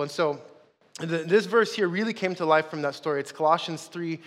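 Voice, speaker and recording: A man's voice: fairly high pitch, brisk, a bit bright. A young man, a pastor, telling a story in a sermon and calling the congregation y'all. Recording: long hall reverb.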